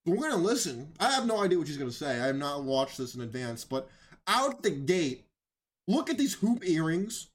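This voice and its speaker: A man's voice: a little high, big pitch swings, moderate pace. A man giving mocking, incredulous reaction commentary on videos, often emphatic and raising his voice.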